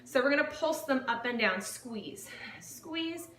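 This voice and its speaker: A woman's voice: high voice, lively intonation, unhurried, pushed and bright, reverberant, distant mic. A woman fitness instructor leading a home workout, upbeat and counting reps aloud, a little out of breath as she exercises along. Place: home living room.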